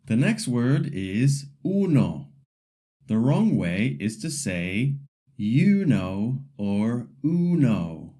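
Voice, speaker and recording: A man leads a scripted pronunciation lesson at an unhurried pace, with a mellow voice. His pitch moves freely up and down as he models each word clearly for students to repeat. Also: big pitch swings. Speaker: Spanish pronunciation teacher.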